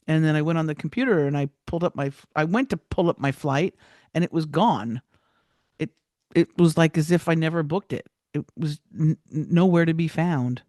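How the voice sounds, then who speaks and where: A woman's voice: deep voice, a little fast, dry recording, studio quality. Chatty woman telling a story. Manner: animated, many restarts, acts out quoted dialogue. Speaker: podcast guest. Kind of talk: casual personal storytelling.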